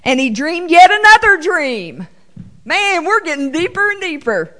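Slow, animated woman teaching scripture. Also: extremely high pitch. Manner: animated, drawls scripture slowly, playful asides. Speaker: Bible teacher. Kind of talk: sermon-style Bible teaching.

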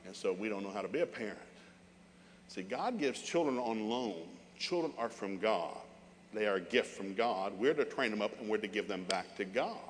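A man's voice: on the low side, animated, normal speed, long reverb tail, a little hiss or hum. An older man preaching a sermon with humorous, emphatic storytelling.

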